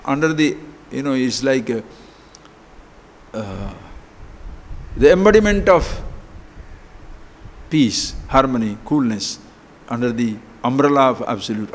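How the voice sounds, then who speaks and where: A man giving a spiritual discourse, animated and full of rhetorical questions. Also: medium pitch, a little hiss or hum. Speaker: spiritual teacher. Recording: long hall reverb.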